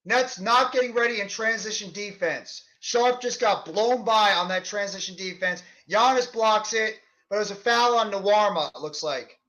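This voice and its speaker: A man doing fan play-by-play of a basketball game, shouting on big plays and fuming at the referees. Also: sits high, moderate pace, hardly any pauses, muffled recording. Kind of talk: live play-by-play commentary.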